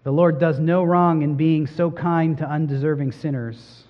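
A man with a high voice preaches a sermon, swelling to emphatic peaks and then falling back to hushed lines. His words ring out with a long hall reverb. The recording sounds dull and muffled. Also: steady tone, normal speed. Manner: preaching with rising emphasis and soft drops.

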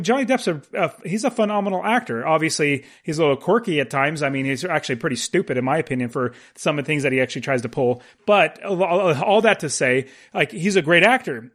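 A man chats about movies in a loose, rambling way. He leans on fillers and backtracks mid-sentence. His voice sits a little on the high side. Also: a bit bright. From United States. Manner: rambling, with frequent fillers and laughs. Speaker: podcast co-host discussing films. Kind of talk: casual chat.

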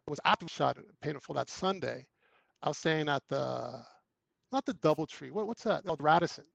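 A man's voice: a little high, a little fast, creaky, no room sound, poor audio. A man, an actor guest, telling anecdotes in casual chat and acting out the quoted lines. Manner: animated storyteller who acts out quoted lines.

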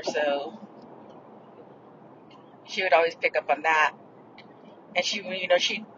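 A woman's voice: lowish voice, pushed and bright, muffled recording, a little hiss or hum. A woman hosting a podcast, casually telling stories in a rambling way and swearing freely. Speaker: podcast host. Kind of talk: casual storytelling.

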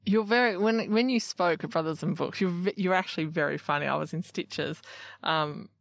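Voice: mid-range voice, moderate pace, vocal fry, no room sound. A podcast host asking questions in a casual interview and giving short, supportive replies.

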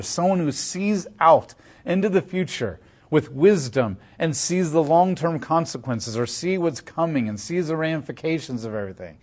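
A man teaching verse by verse through a Bible passage, explaining in a conversational way with playful voiced asides. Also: fairly high pitch.

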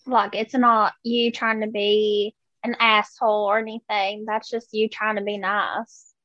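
A woman's voice: mid-range voice, level tone, unhurried, sharp tone, dry recording, lo-fi sound. A woman, a guest on a podcast, who talks in a sweet, folksy, teasing way. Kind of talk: casual podcast banter.

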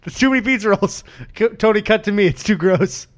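A man's voice: sits high, a little fast. A young man co-hosting a podcast who laughs often and narrates the action play by play. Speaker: podcast co-host. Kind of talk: casual chat.

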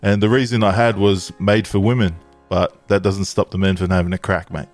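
A man's voice: low voice, little pitch movement, fairly quick, faint music behind. Man, crude laughing podcast host. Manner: laughs often, crude jokes. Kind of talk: casual crude podcast banter.

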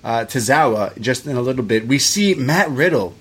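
A man's voice: mid-range voice, expressive, normal speed, breathy edge. Casual American man riffing on wrestling. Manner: loose and profane, drifts into side rants. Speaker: podcast co-host. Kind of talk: casual wrestling review chat.

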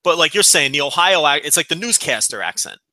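A man's voice: on the high side, expressive, brisk, sharp tone, no room sound. A man with a Northeastern US accent, co-hosting a podcast in casual, blunt, opinionated chat. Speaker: podcast co-host.

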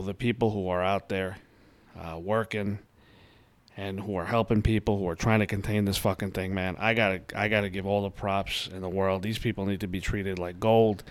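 A man's voice: fairly low pitch, moderate pace, no echo. Swearing New guy ranting. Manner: animated, heavy swearing, ranting. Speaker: podcast host. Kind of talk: casual monologue. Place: home.

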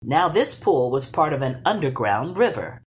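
A woman storyteller reading a children's storybook aloud with expressive, animated narration. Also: low-pitched, normal speed.

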